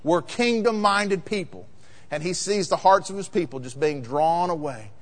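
A male pastor preaching a sermon, acting out voices and building to loud, emphatic peaks. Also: high voice, lively intonation, moderate pace. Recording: long hall reverb.

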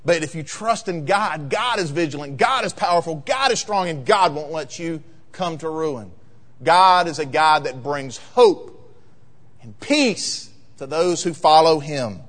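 A man preaching a sermon as pastor, emphatic and rising to loud peaks in a church sanctuary. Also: a little high, expressive, unhurried. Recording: long reverb of a large hall.

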